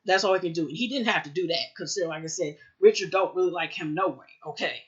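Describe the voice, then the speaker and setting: A woman's voice: lowish voice, quick pace, breathy edge, muffled recording. A woman casually recapping a TV episode, rambling with lots of fillers and acting out quoted lines. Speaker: TV recap vlogger.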